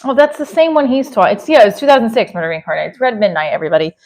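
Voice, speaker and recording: A woman's voice: on the high side, rapid-fire, a little mellow. A woman hosting a live stream, rambling casually and answering viewer comments, with a self-deprecating, chatty manner and many restarts. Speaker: livestream host reading viewer comments.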